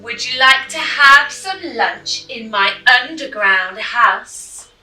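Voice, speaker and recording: A woman voicing a sly, hungry male fox in a smooth, coaxing storybook voice. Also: a little high, animated, slow pace, pushed and bright, soft background music, full character voice. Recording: roomy, slightly distant mic.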